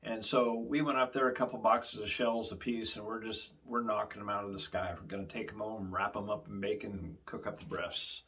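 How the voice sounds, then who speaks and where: A man's voice: on the low side, little pitch movement, fairly quick, hardly any pauses, bright, forceful tone. A man hosting his channel, telling a casual story in a rambling way with frequent fillers. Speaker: channel host.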